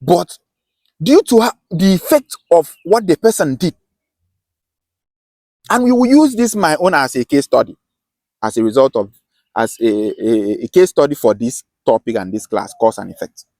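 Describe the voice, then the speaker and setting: A man's voice: fairly high pitch, expressive, moderate pace, long pauses, darkish tone, dry recording. A man with a Nigerian Akwa Ibom accent giving a passionate lesson, stressing points and often restarting his phrases. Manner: emphatic, repeats and restarts phrases. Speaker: self-styled teacher.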